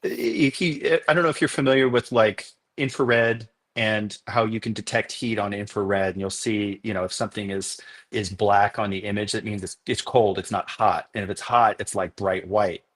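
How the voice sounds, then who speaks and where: A man on a podcast interview, explaining things at length and telling animated stories from his filming work. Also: on the low side, moderate pace. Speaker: documentary filmmaker guest.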